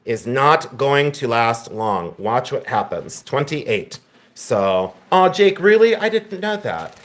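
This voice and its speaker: A man's voice: medium pitch, very animated, slow pace, fairly bright tone. A man from Ohio hosting a live-stream auction sale, calling prices and bantering and teasing viewers.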